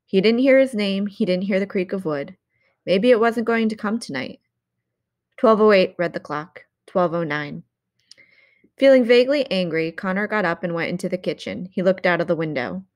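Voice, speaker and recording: A woman narrating an audiobook in a measured, expressive reading. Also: mid-range voice. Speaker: audiobook reader.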